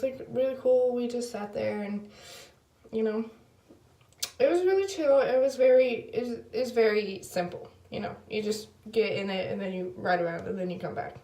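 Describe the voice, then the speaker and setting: A woman's voice: on the high side, darkish tone. A young woman telling a story in a casual video diary, rambling with lots of fillers and quoted back-and-forth, and apologizing in self-conscious asides. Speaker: vlogger. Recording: echoey room.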